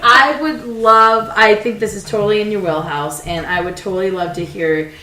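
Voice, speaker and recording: A woman's voice: mid-range voice, fairly even intonation, moderate pace, sharp tone, reverberant, poor audio. A woman hosting a casual podcast chat, gushing like an eager fan. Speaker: podcast host.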